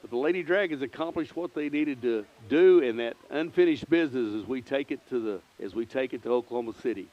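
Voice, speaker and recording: A man commentating a local softball broadcast in a folksy, rambling, proud way, a little out of breath. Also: mid-range voice, expressive, fast talker, few pauses. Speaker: play-by-play announcer. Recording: dull lo-fi stream audio.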